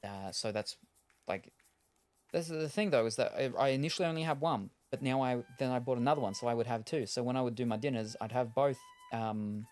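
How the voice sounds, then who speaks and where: A man's voice: mid-range voice, fairly quick, darkish tone. A man streaming a game, chatting casually and thinking aloud, with lots of fillers and restarts. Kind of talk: casual chat while gaming.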